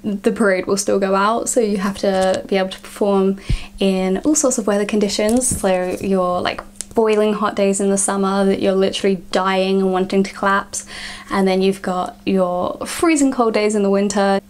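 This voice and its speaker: A woman's voice: mid-range voice, fairly even intonation, moderate pace. A young woman, chatting casually to camera in a vlog and filling her sentences with "like". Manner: chatty, frequent "like" fillers. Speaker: vlogger.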